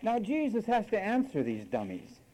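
A man's voice: sits high, wildly swooping pitch, moderate pace, mellow, slight background noise, poor audio. A man preaching a sermon, scolding and sarcastic, acting out quoted voices as he goes.

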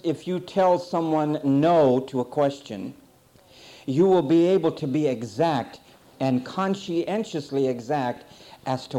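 A middle-aged man preaching a sermon, defining words and then telling a folksy story from his childhood. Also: a little high. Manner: lively, swings between loud and quiet.

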